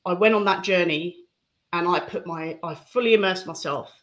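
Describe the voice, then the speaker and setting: A woman speaking candidly and reflectively as an interview guest, giving a personal testimony with soft laughs. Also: fairly low pitch, moderate pace.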